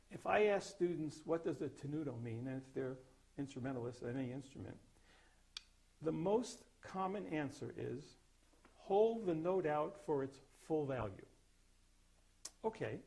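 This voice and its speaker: A man's voice: fairly high pitch, gravelly, darkish tone. An older man teaching a percussion master class, explaining articulations and singing short example notes. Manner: explains then sings or plays examples.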